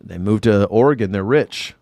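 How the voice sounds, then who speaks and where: Speaking at a moderate pace in a fairly low, slightly mellow voice, a male commentator on news and culture hangs out with his stream viewers and reads their comments. He rambles, leans sarcastic and curses freely. No room sound can be heard.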